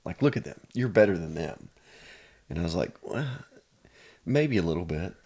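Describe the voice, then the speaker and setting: A man's voice: low-pitched, animated, normal speed, dark tone, slightly rough. A man from Pennsylvania, a chiropractor guest, telling personal stories in an earnest, casual way. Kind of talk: casual storytelling.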